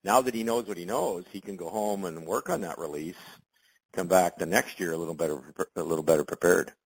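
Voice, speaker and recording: Deep husky man rambling. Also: brisk, no room sound, poor audio. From Canada. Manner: rambling, with many restarts and fillers. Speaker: curling analyst and former champion. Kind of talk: casual expert commentary in an interview.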